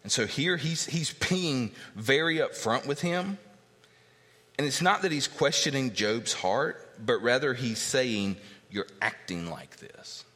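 A pastor teaching a verse-by-verse sermon, emphatic and repetitive, reading scripture aloud. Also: male voice, medium pitch, lively intonation, a little slow, pushed and bright. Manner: emphatic teaching, repeats key points, reads scripture aloud. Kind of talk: expository sermon. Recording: long reverb of a large hall.

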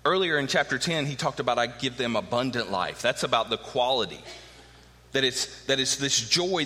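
A man's voice: mid-range voice, pushed and bright. A middle-aged man preaching a sermon with emphatic rhetorical questions. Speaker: pastor. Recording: long hall reverb.

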